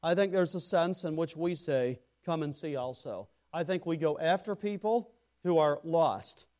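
A man preaching a sermon to a congregation. He builds to loud emphatic phrases, then drops into quiet, low asides, and addresses listeners by name. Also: normal speed. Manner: speaks to congregation members by name. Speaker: pastor.

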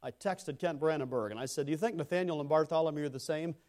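A man preaching a sermon to a congregation. He builds to loud emphatic phrases, then drops into quiet, low asides, and addresses listeners by name. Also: fast. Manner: speaks to congregation members by name. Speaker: pastor.

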